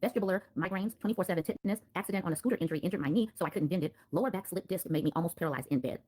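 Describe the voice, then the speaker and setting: A woman in her thirties reading a personal account aloud in a rapid, list-like recounting. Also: fairly low pitch, dark tone. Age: 30s.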